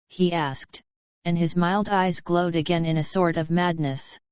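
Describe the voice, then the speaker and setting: Woman, audiobook narrator, measured, low-pitched, lo-fi recording. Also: steady tone, smooth, no room sound. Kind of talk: scripted narration.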